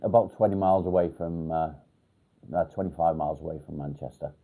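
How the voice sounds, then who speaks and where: A man a low, mellow voice chats casually on a livestream. He talks in halting bursts, stops often to think and fills the gaps ums. He swears now and then in a relaxed way. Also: gravelly. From England, near Warrington. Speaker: livestream host. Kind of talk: casual live chat reading comments.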